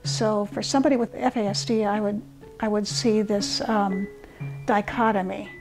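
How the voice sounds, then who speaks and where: A woman speaking as an expert in a documentary interview, explaining in a measured way over soft guitar music. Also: mid-range voice, fairly even intonation. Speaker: expert on fetal alcohol disorders.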